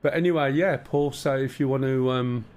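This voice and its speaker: A streamer from the English Midlands with a Black Country accent chats casually with viewers in a live stream, bantering while explaining cockpit start-up steps. His mid-range voice is a little mellow at a moderate pace, with a little hiss or hum in the audio.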